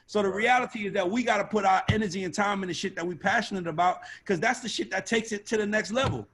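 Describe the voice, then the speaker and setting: A man speaking on a video call as an A&R panelist, blunt, profane and animated in a casual panel discussion. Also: high-pitched, quick pace, breathy edge. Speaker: record label A&R panelist.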